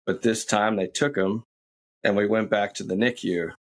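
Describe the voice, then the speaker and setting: A man in his thirties, a podcast guest, telling a personal story in a slow, reflective, candid way. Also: fairly low pitch, fairly even intonation.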